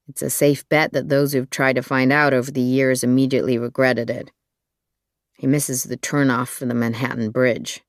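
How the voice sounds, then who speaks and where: An audiobook narrator reading a thriller in an even, measured storytelling manner. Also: medium pitch, dry recording, studio quality.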